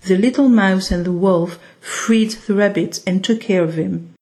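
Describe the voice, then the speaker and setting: A woman narrating a children's story in a gentle, unhurried reading manner. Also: mid-range voice.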